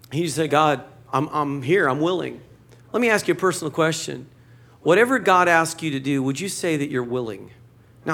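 A man's voice: mid-range voice, a bit bright. A man preaching a sermon to a church congregation, conversational and joking, acting out short quotes. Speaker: pastor.

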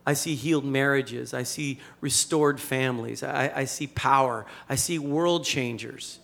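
A male pastor delivers a sermon in a lively, conversational manner, with a slightly higher-pitched voice. He leans on rhetorical questions and breaks into jokes, speaking directly to his listeners. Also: normal speed, gravelly, hardly any pauses.

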